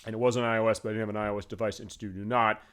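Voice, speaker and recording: A man's voice: lowish voice, little pitch movement, very fast, a bit bright, smooth. A man hosting a retro game show, explaining in a rambling voice-over full of fillers. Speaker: game stream host.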